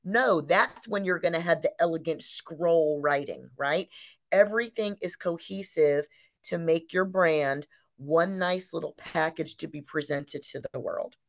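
A woman with a slightly low voice co-hosts a casual business webinar on branding. She talks in an animated way, acts out little quotes and checks in with her listeners. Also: a little slow. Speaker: webinar co-host.

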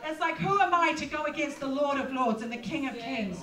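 A woman's voice: sits high, a little fast, crowd noise. A middle-aged woman pastor, preaching in a personal, conversational way with plenty of fillers. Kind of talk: sermon. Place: church hall. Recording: echoey hall, distant mic.

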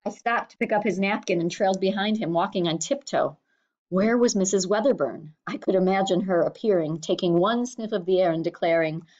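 A woman reading a novel chapter aloud for students, with steady, clear storytelling. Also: mid-range voice, fairly quick. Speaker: reader. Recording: slightly dull lo-fi recording.

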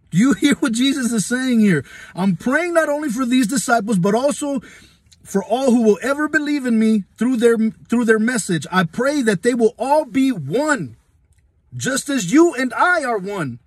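A man's voice: very high voice, animated, normal speed, husky, dry recording, studio quality. A man preaching fervently into his phone, repeating himself, throwing out rhetorical questions and laughing as he goes. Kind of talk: impassioned phone-recorded Bible devotional. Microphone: phone camera.

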